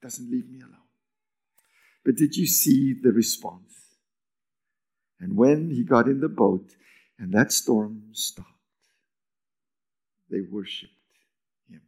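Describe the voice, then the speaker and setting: In his sermon, a male pastor shifts between emphatic lines and near-whispers, lifting his pitch with liveliness for quoted speech. He speaks slowly and pauses often.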